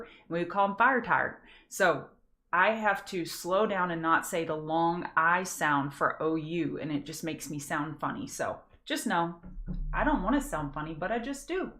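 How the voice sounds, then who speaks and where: A woman from Louisiana with a Southern accent, hosting a casual live pre-market trading show, folksy and chatty, greeting viewers by name and slowing down to enunciate. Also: fairly low pitch, sharp tone. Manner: slows down to enunciate carefully.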